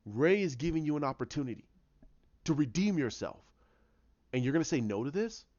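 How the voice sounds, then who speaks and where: A man's voice: on the high side, big pitch swings, fairly quick, a little mellow, no room sound, lo-fi sound. A man quoting an earnest young ex-soldier. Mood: earnest pleading. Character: earnest young male ex-soldier pleading with a rival.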